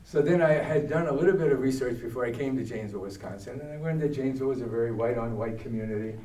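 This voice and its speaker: Telling stories to a group as a guest speaker, an older Brooklyn man with a New York accent races along at medium pitch, his tone mellow and dark, voicing the other characters himself. It sounds echoey and slightly distant, as if captured in a church hall.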